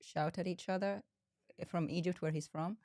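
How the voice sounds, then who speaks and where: A woman's voice: on the low side, fairly even intonation, normal speed, darkish tone, no room sound, studio quality. A woman co-hosting a reaction show, mocking and laughing as she comments. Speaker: co-host.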